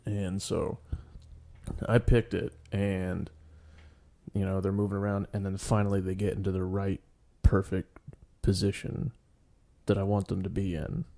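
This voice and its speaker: Young man, podcast co-host, gravelly low voice, dark tone, swears a lot, rambling stories. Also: level tone, measured pace. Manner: profane, rambling storyteller. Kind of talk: casual podcast chat.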